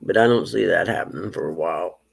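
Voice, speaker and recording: A man in his fifties hosts a relaxed morning live stream, talking easily to his viewers and chuckling between thoughts. His low voice has a gravelly fry to it. He takes his time and answers the chat as if sitting with friends. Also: fast. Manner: laid-back, chuckling, reads chat aloud.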